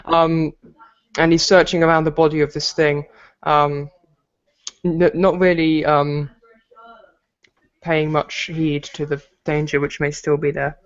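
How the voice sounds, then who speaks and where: A man's voice: a little high, level tone, a little slow, long pauses, clean tone, muffled recording. A man running a tabletop game as game master, narrating at an easy pace with fillers.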